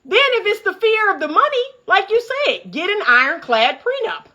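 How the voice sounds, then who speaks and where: A woman's voice: very high-pitched, very animated, moderate pace, bright, forceful tone, highs cut off. A woman relationship coach, giving fired-up, preachy commentary straight to her viewers from a room at home, laughing often. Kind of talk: casual commentary vlog. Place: upstairs room by a window at home.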